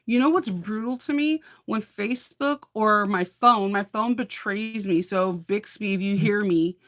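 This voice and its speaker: A woman's voice: medium pitch, measured pace, a bit bright. A middle-aged woman hosting a casual sewing live chat, rambling, laughing often and breaking off mid-sentence. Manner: chatty, rambling, laughs often, self-interrupting. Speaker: host of a sewing live show.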